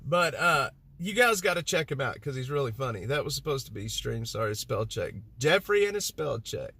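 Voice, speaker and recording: A man's voice: medium pitch, sing-song, moderate pace, bright, forceful tone, husky. A man from Texas, chatting casually to his live-stream audience, rambling and poking fun at himself. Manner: rambling, self-mocking, talks to chat. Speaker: livestreamer.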